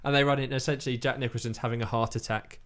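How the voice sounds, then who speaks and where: Casual male co-host, rambling storyteller, mid-pitched, acts out quoted lines. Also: flat delivery, rapid-fire, a bit bright. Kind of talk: casual chat.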